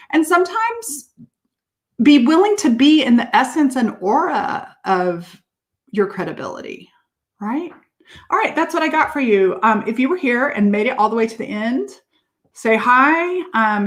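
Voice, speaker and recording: A woman business coach talking casually and upbeatly to her viewers, laughing often and filling pauses with "um". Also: on the high side. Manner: chatty and upbeat, laughs often, many fillers. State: out of breath. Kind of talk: casual livestream talk to viewers.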